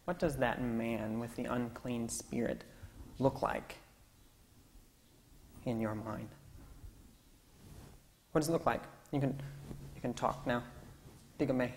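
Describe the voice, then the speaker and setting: A man's voice: mid-range voice, fairly even intonation, slow, long pauses, slight background noise. Pastor coaxing his congregation in a reverberant church. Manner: conversational, coaxing congregation to call out answers. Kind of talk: interactive sermon. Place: church sanctuary. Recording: long church-hall reverb, faint ambience.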